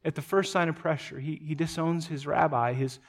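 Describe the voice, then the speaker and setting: A man delivering a sermon with a somewhat high voice. He retells a scripture story with dramatic swings, building to loud emphatic peaks and then dropping to hushed, low asides. He often doubles up words as he goes. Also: fairly even intonation, a little fast. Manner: repeats words as he speaks. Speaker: pastor.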